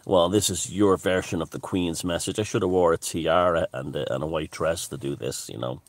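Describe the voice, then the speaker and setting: A vlogger with a low, steady voice talks to camera at normal speed in a casual, rambling monologue. He jokes with his viewers, using plenty of fillers and restarts, and there's no echo.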